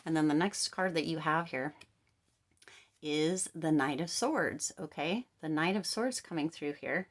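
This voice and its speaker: A woman giving a casual tarot reading to camera, chatty and animated, often checking in with "right?" and "okay?". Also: sits low, measured pace. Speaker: tarot card reader.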